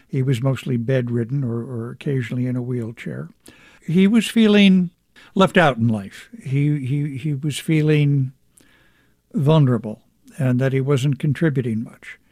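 A middle-aged man, an author being interviewed, speaking thoughtfully with frequent halting restarts. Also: mid-range voice, a little mellow, no room sound, clean studio sound. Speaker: author guest. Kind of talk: reflective interview conversation.

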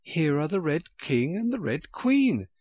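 A man voicing a curious, polite young girl in a storybook reading, gentle and chatty, often hushed. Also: fairly high pitch, sing-song, a little slow, breathy edge, no room sound, voice pushed up, heavily acted.

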